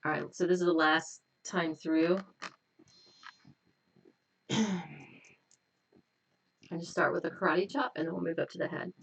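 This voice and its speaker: A woman hypnotist at home, hosting a live stream and slowly leading repetitive guided tapping affirmations. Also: on the low side, fairly even intonation, creaky, distant mic, a little hiss or hum. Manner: slow, repetitive, gently affirming.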